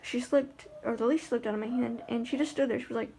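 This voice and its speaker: A woman's voice: fairly high pitch, fairly even intonation, fast talker, dark tone, slight background noise. A woman talking in a casual vlog about life with her guide dog, chatty and rambling with lots of fillers and restarts.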